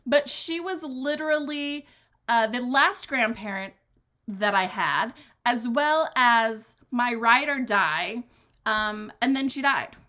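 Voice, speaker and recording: A woman hosting her own podcast, talking alone in a blunt, sassy way, swearing freely and swinging her pitch for drama. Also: bright, forceful tone. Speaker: podcast host. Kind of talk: candid solo podcast monologue.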